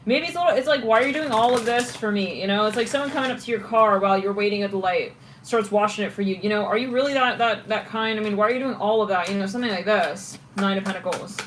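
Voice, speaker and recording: Woman tarot reader, casual, thinks out loud, mid-pitched, faint background hiss. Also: quick pace, poor audio. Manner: chatty, thinks aloud with restarts while reading cards.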